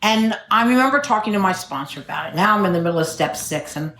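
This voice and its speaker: A woman's voice: mid-range voice, lively intonation, fast talker, fairly bright tone. A middle-aged woman telling her recovery story at a meeting, wry and self-mocking, joking as she goes. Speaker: AA speaker. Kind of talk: personal recovery talk at a meeting. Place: meeting room. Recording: echoey meeting room.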